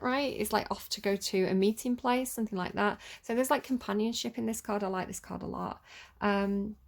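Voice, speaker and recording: A tarot reader gives a casual reading, chatting and rambling with plenty of "like" and "you know." Her mid-range voice has a slightly mellow quality.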